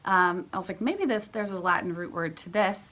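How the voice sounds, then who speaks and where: A woman's voice: on the low side, fairly quick, fairly bright tone. A woman homeschool teacher explaining a lesson at home in a casual, chatty way, often checking in with the listener.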